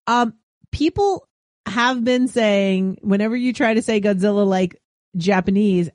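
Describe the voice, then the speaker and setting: Podcast co-host. Mid-pitched voice, quick asides, very dry sound. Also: no echo. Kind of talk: casual chat.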